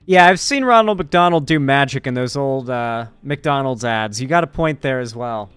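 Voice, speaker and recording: A man's voice: mid-range voice, lively intonation, normal speed, a bit bright, clear, resonant tone, no room sound, faint music behind. Joking streamer man reading chat. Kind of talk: casual live-stream commentary.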